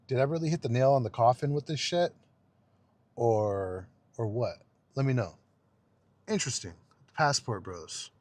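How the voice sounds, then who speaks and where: A man's voice: medium pitch, a little mellow. A man ranting from the driver's seat of his car, unscripted and profane. He rambles, scoffs and repeats himself as he talks. The sound is close and dry, with no room echo. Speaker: vlogger. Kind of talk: unedited car rant. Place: inside a car.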